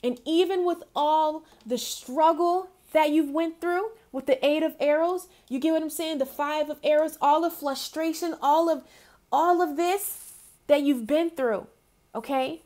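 A young woman with a high voice gives a tarot reading in a loose, affectionate way. She talks in a chatty storytelling manner, full of fillers, and calls her listeners "honey". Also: a little slow, a little mellow. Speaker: tarot reader. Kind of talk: casual spiritual card reading.

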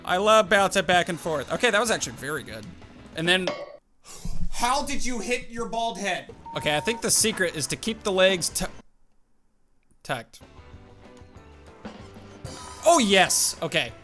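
A young man narrates his gameplay with an animated, exclaiming manner. His voice sits high and swings widely in pitch. Faint music plays underneath. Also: a little slow, pauses often. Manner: animated, exclaims and laughs at the game. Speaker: gaming YouTuber. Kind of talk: excited gameplay commentary.

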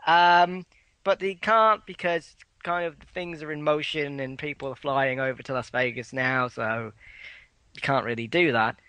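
A man's voice: on the high side, measured pace, bright, forceful tone, clear, resonant tone. A man co-hosting a casual podcast chat, recapping news bluntly and swearing freely. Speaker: podcast co-host.

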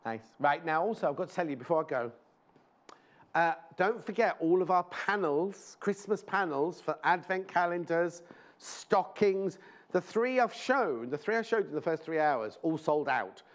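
A man's voice: on the high side, expressive, normal speed. A man presenting a live shopping show in a TV studio, chatting in rambling anecdotes and speaking fondly to viewers.

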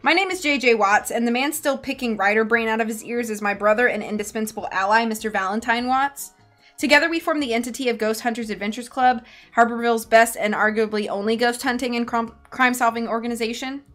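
A woman's voice: a little high, fast talker, fairly bright tone, soft background music, natural voice. A woman reading aloud, voicing a dramatic, pushy young male ghost hunter who grandstands. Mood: grandstanding. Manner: theatrical and grandstanding.

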